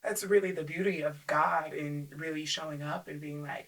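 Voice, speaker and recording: A woman's voice: low voice, steady tone, normal speed, poor audio. A woman, a podcast guest talking earnestly about faith in a casual chat, laughing often and trailing off.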